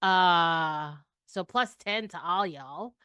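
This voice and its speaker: A woman's voice: lowish voice, slow, pushed and bright, clear, resonant tone, dry recording. A woman playing in an online tabletop game, playful and a bit hesitant. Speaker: player. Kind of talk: casual tabletop game chat.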